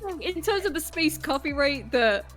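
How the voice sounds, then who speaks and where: A woman's voice: high-pitched, very animated, brisk, a bit bright, soft background music. A woman chatting casually with friends in a playful, joking way and laughing easily. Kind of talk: casual chat among friends.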